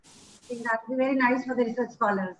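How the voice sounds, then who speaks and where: A woman's voice: on the high side, fast, recorded from a distance. A woman moderating a webinar Q&A, speaking in a polite, conversational way. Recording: dull lo-fi audio.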